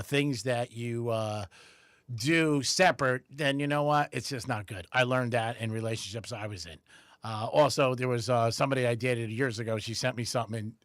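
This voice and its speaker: A man's voice: medium pitch, no echo, clean studio sound. A man co-hosting a radio show, telling stories with lots of laughter and acting out the people he quotes. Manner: animated storyteller, laughs often, acts out quotes. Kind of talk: casual radio banter. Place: radio studio. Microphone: studio microphone.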